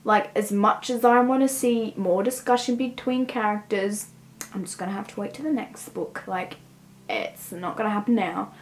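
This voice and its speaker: A woman's voice: medium pitch, steady tone, normal speed, a little hiss or hum, low-quality recording. A young woman in a casual book review rant, rambling and peppered with "like" as she talks things through. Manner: rambling, heavy use of "like".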